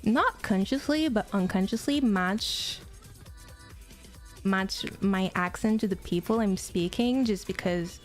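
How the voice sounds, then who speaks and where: A woman's voice: mid-range voice, takes it slowly, faint music behind. A woman with a Quebec French accent, a native French speaker, chatting casually on a livestream, greeting and thanking viewers between stories.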